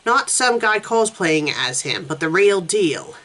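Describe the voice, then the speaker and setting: A woman's voice: on the low side, lively intonation, measured pace, fairly bright tone, poor audio. A woman reading fanfiction aloud in her normal voice, with no character voices. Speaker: fanfiction reviewer.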